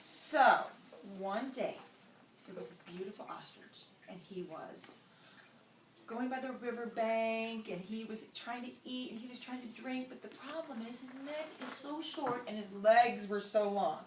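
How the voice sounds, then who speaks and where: A woman storyteller telling a folk tale to young children, expressive and involving her listeners. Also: on the high side, moderate pace, a little hiss or hum. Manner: lively, expressive, involves the audience. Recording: roomy, distant mic.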